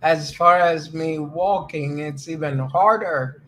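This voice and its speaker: A man's voice: fairly high pitch, takes it slowly, a bit bright. A man hosting a casual crypto live stream over a voice call, speaking in a laid-back way and laughing easily. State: voice changes easily, sometimes strained.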